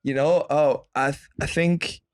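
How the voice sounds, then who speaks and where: A man's voice: fairly high pitch, steady tone, measured pace, clean tone, dry recording, clean studio sound. A man co-hosting a casual podcast, laughing often and joking with his partner. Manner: laughs often, mixes in Spanish. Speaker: podcast co-host.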